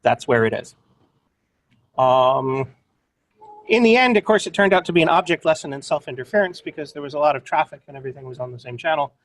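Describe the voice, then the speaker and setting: A man's voice: on the high side, animated, fairly quick. A man presenting a webinar in a playful, upbeat, joking way.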